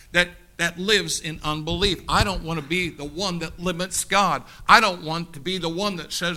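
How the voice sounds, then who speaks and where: A man preaching a sermon to his congregation, building to shouted peaks and slowing for emphatic repeated lines. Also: sits high. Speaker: pastor.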